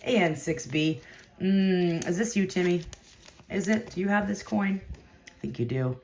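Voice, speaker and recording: Low-voiced chatty woman opening card packs. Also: a little slow, a little mellow. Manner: chatty, laughs often, talks to viewers by name. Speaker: card break host. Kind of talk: casual chat while opening cards.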